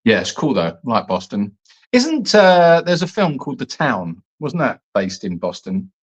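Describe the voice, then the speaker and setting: A man's voice: moderate pace, breathy edge, highs cut off. A man co-hosting a live Q&A chat from an animal sanctuary, joking and bantering with his co-host. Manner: jokey, playful banter with lively pitch swings.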